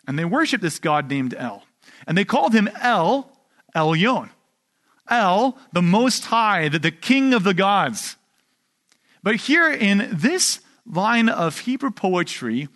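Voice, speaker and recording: A man's voice: high-pitched, fairly bright tone. A man, a pastor, preaching a conversational sermon with emphatic asides and rhetorical questions.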